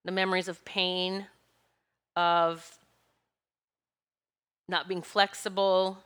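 Bright-voiced woman giving a rambling spiritual talk. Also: on the low side, level tone, slow, clean tone. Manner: rambling, searching for words, laughs between thoughts. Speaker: spiritual speaker.

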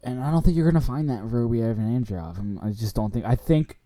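A man's voice: mid-range voice, fast talker, dark tone. A young man co-hosting a sports podcast, chatting casually, swearing freely and laughing often. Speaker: podcast co-host.

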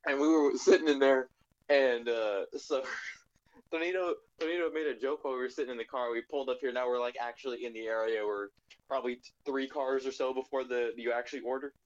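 A man's voice: medium pitch, steady tone, brisk. A young man telling a rambling, laugh-filled story in casual chat. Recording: dull lo-fi sound.

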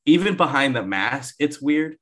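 Excitable man joking about a movie. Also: on the high side, normal speed. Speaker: podcast co-host. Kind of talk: casual movie review chat.

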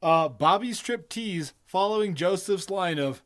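A man co-hosts a podcast in casual chat, joking around and swearing emphatically. His voice sits fairly high and moves at a moderate pace.

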